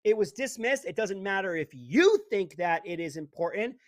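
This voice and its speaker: A man's voice: high-pitched, lively intonation, moderate pace, dry recording, clean studio sound. A man hosting a talk radio show, ranting in an indignant, sarcastic way. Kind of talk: opinionated talk radio monologue.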